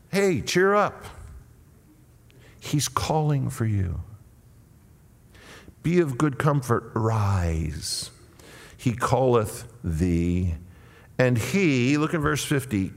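A man preaching a sermon and telling the story dramatically, moving between loud cries and hushed tones. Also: medium pitch. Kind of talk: expository sermon. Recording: long reverb of a large hall.

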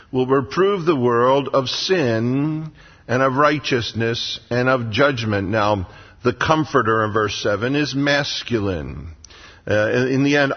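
A man preaching a sermon as pastor in a church sanctuary, with emphatic repetition. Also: mid-range voice. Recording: lo-fi sound with long hall reverb.

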